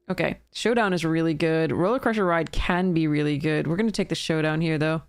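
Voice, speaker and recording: A woman's voice: sits low, fairly quick, smooth, no room sound, studio quality. A woman streaming a card game draft, thinking aloud in casual commentary and laughing at her own mistakes.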